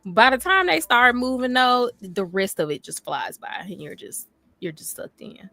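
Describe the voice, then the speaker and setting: A woman co-hosting a podcast in casual chat, gushing and animated, full of filler words. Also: a little high, moderate pace, creaky. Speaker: podcast co-host.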